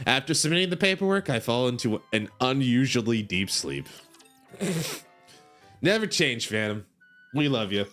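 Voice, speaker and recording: A man's voice: medium pitch, big pitch swings, normal speed, a bit bright, soft background music. Giggly male streamer reading a game story aloud. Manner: giggly, rambling, stumbling over words.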